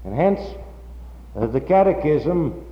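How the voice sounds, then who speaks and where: Male pastor, fairly high voice, slow deliberate sermon delivery, dull echoey church-hall recording. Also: sing-song. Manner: slow, emphatic preaching that rises to loud, high-pitched peaks.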